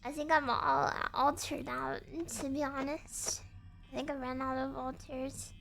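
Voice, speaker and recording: Giggly high-voiced woman streamer. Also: little pitch movement, measured pace, vocal fry, fairly bright tone, soft background music. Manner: giggly and playful. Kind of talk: casual live-stream chat.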